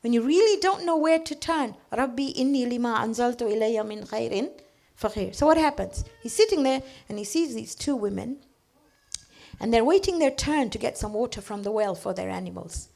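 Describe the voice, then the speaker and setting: A middle-aged woman teaching children, telling stories in a lively way, acting out small voices and checking that the class is following. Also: on the high side, normal speed, gravelly. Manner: animated storytelling, acts out voices, asks checking questions.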